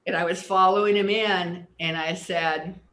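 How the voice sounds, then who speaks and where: A woman's voice: fairly low pitch, fairly even intonation, unhurried, fairly bright tone. An older woman, a guest on an interview show, earnestly explaining ideas and telling personal stories, sometimes repeating words as she recalls. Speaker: guest, personal development teacher. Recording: roomy echo.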